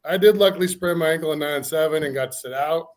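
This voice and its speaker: Laid-back guy telling an old team story on himself, voice a bit high. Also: fast talker, noisy background. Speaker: former college football player. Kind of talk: casual podcast storytelling.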